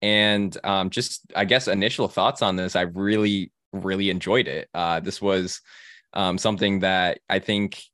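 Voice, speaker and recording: A young man hosting a casual film discussion, halting with many restarts and fillers. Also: low voice, steady tone, fairly bright tone, no room sound, clean studio sound. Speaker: film podcast host.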